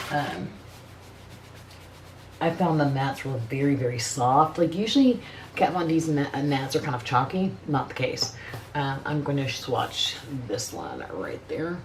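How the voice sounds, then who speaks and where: A woman's voice: extremely low pitch, a little mellow, slight background noise. A middle-aged woman chatting casually as a beauty vlogger, blunt and profane, rambling with frequent restarts. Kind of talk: casual makeup review chat.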